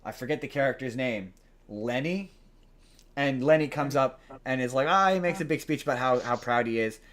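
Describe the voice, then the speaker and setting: A man hosting a podcast, casually retelling a film plot in a rambling, animated way. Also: mid-range voice, moderate pace. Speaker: podcast host. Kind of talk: casual chat.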